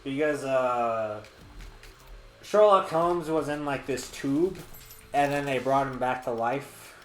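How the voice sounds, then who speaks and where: A man's voice: mid-range voice, takes it slowly. Laid-back man chatting over a game. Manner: laid-back, offhand, casual swearing. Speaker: co-op player. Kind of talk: casual co-op gameplay commentary. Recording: echoey room, faint game music.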